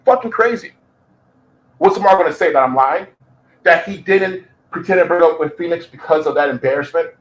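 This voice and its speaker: A man's voice: fairly high pitch, a little fast, poor audio. A man giving heated commentary, swearing constantly and repeating his points. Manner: profane, heated, repetitive. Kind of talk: ranting commentary.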